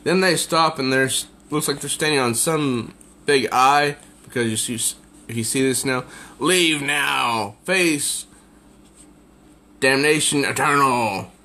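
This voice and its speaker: A man's voice: mid-range voice, fairly even intonation, normal speed, sharp tone. A man casually reviewing a comic book, summarizing the pages with evident amusement. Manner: amused, easily tickled by the jokes.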